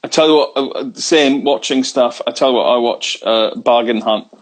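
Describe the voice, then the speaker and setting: A man's voice: medium pitch, moderate pace, a little hiss or hum, rough recording. A man from the UK, a comedian guesting on a video chat show, talking in an easygoing, wry, meandering way while holding his phone. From United Kingdom. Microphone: handheld phone on video call.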